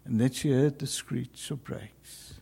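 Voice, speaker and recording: A man preaching a sermon, telling a story dramatically, with sudden loud calls and hushed, whispered passages. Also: medium pitch, steady tone, takes it slowly, gravelly, breathy edge.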